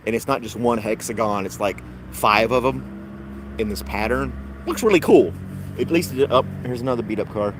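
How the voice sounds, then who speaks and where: A man's voice: mid-range voice, steady tone, moderate pace, noisy background. A man hosting a casual podcast chat, rambling and wry, laughing at his own jokes. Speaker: podcast host.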